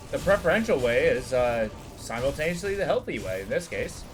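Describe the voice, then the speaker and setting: Guy streaming a game, rambly chat w/ viewers, voice jumps all over, music quiet in back. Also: fairly high pitch, big pitch swings, a little fast, hardly any pauses. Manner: chatty, rambling, lots of fillers. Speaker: livestreamer chatting with viewers. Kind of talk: casual chat while gaming.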